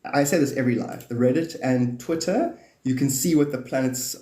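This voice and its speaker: A man's voice: medium pitch, normal speed, dark tone, roomy sound. A man hosting a live stream, chatting in a rambling way, laughing often and swearing as he jumps between topics.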